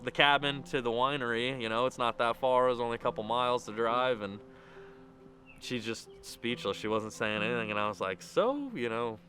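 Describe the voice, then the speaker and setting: A man's voice: medium pitch, little pitch movement, fairly quick, pushed and bright, soft background music. A young man telling how he proposed, then giving a wedding toast, in a rambling, run-on way. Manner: rambling, run-on storytelling with many "and"s. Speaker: groom. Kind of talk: casual storytelling and wedding toast.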